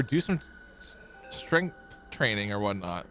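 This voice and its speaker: A man's voice: mid-range voice, brisk, fairly bright tone, faint music behind. A man streaming a game who reads the story text aloud and chats in a rambling way, laughing easily. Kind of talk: casual play-along narration of a visual novel.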